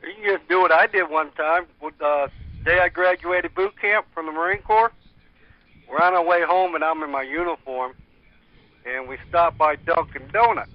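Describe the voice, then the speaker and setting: Joking guy calling in, slightly high voice, muffled dry phone sound. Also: steady tone, normal speed, no room sound. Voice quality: joking, teasing. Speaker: caller. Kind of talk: casual chat on a phone line. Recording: dull lo-fi phone line.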